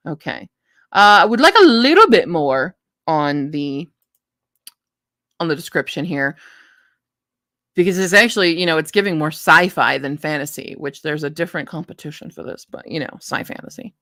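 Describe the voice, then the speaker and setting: A woman's voice: deep voice, normal speed, no room sound, studio quality. Chatty woman streaming book picks. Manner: chatty, animated, talks to her puppy in a soft baby voice. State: tired. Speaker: book reviewer streaming live. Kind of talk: casual live-stream chat.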